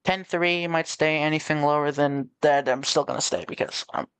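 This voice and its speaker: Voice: mid-range voice, steady tone, normal speed, a bit bright, smooth, dry recording. A streamer chatting casually while playing, tired and sleepy, rambling and trailing off with hesitant fillers. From Canada. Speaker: game streamer. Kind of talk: casual live-stream chat.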